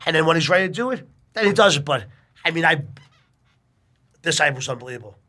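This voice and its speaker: Animated, profane middle-aged man storyteller. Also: a little high, quick pace. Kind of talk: casual chat.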